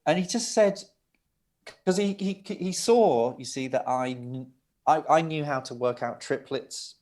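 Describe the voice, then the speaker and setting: A middle-aged man, a record producer telling laughing, lively anecdotes as an interview guest. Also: on the high side, unhurried. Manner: lively, laughing, with restarts and asides.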